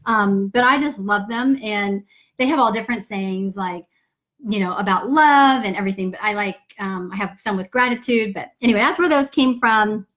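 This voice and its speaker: A woman's voice: medium pitch, normal speed, fairly bright tone. A woman, casually answering viewer questions on a live stream from her home office, upbeat and chatty with some swearing. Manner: upbeat, chatty, greets viewers mid-sentence; casual swearing and folksy "y'all". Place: home office with pets nearby. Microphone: computer or phone for a live stream.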